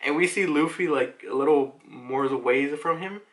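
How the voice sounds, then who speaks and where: A man's voice: fairly high pitch, moderate pace, fairly bright tone. A young man casually recapping a comic chapter, chatty and laughing, with frequent swearing. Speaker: manga reaction youtuber.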